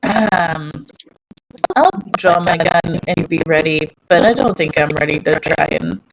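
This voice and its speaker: A woman playing a tabletop game, blunt and quick to swear. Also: low-pitched, a little hiss or hum, rough recording. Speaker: player. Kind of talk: casual tabletop play.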